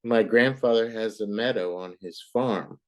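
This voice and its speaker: A woman tutoring a child in English, patient and encouraging, repeating words slowly to model them. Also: a bass voice, a little mellow. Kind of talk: online tutoring lesson.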